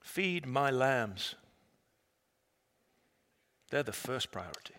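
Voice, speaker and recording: A man preaching a sermon, retelling a story dramatically and swinging between loud, emphatic lines and hushed, quiet ones. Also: medium pitch, sing-song, very slow. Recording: long reverb of a large hall.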